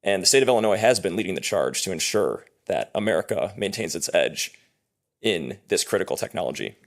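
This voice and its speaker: A man's voice: sits low, big pitch swings, brisk. A man, a company executive, giving earnest, emphatic closing remarks at a press conference. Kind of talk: prepared press conference speech.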